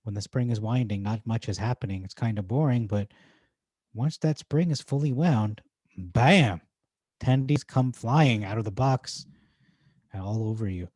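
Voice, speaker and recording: Male vlogger, Irish accent, mid-range mellow voice, relaxed chatty delivery with jokey asides, dry close recording. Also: fairly low pitch, moderate pace, no echo. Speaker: stock market YouTuber. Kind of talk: casual commentary reading forum posts.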